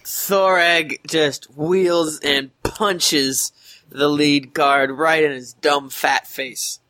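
A man's voice: fairly high pitch, steady tone, very slow, pushed and bright, dry recording. A man playing a tabletop game, goofy and joking, often laughing. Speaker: player. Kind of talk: casual tabletop game play.

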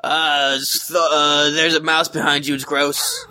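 A man's voice: on the high side, flat delivery, a little slow, bright, forceful tone, dry recording. A man playing a tabletop game, goofy and joking, often laughing. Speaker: player. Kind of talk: casual tabletop game play.

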